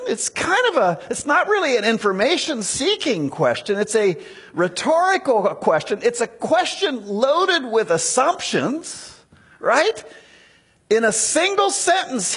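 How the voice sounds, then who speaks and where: A man preaching a sermon, teaching slowly through a text and acting out quoted lines. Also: high voice, husky. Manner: animated, acts out the serpent's lines in a raised voice.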